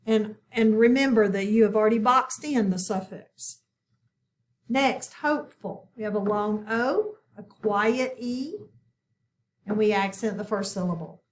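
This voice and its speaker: A woman with a mid-range voice leads a slow, patient phonics class, sounding words out and repeating them slowly. She is encouraging and keeps asking her students questions, and there's a little hiss or hum in the recording.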